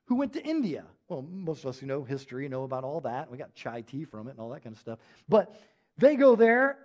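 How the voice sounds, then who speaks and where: Animated high-voiced man preaching. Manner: casual, animated storytelling with filler words. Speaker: pastor. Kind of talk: sermon. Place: church.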